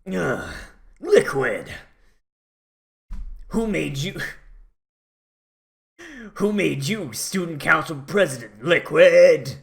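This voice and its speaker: A streamer putting on gruff soldiers and a villain from a spy video game in an overdramatic parody. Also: medium pitch, expressive, drawn-out words, long pauses, full character voice. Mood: melodramatic.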